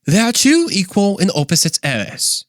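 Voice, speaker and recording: A man's voice: sits high, wildly swooping pitch, normal speed, no room sound, studio quality, pitched above the performer's own voice. A man putting on an exaggerated British accent to read a book aloud dramatically. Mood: dramatic. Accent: put-on British. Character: mock-grand British male narrator reading aloud.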